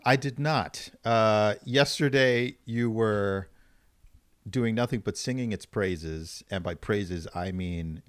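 A man's voice: on the low side, slow pace, clear, resonant tone, no room sound, studio quality. A man co-hosting a radio show in casual chat, joking and teasing. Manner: joking and teasing, laughs often. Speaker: radio co-host.

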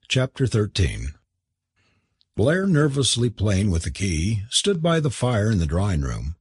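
A man narrating a novel aloud in an expressive, theatrical reading. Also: lowish voice, a little slow, dry recording, clean studio sound. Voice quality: husky. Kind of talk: audiobook narration.

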